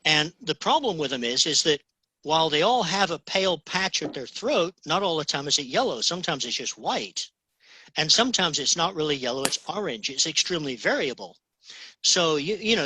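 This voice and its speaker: Guy rambling in an interview, bright husky voice, lots of restarts. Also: a little high, dry recording, poor audio. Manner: rambling, many restarts, says "okay?" often. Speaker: guest, fly tier. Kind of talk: casual interview chat.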